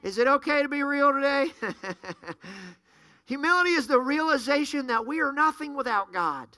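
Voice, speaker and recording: A man's voice: very high voice, bright, forceful tone, dry recording, studio quality. A man preaching a sermon, fervent and full of rhetorical questions to the congregation.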